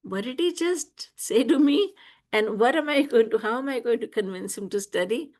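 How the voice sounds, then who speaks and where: A woman's voice: fairly high pitch, animated, moderate pace, a little mellow, pitched above the performer's own voice, natural voice. A woman doing a coaxing loving mother. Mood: flustered. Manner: coaxing, soothing.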